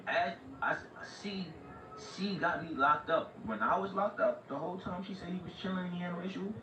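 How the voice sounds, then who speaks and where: A man's voice: high voice, a little fast. A man on a livestream telling a long story in casual street slang, full of "like" and "right?". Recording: far-off echoey lo-fi mic with noise.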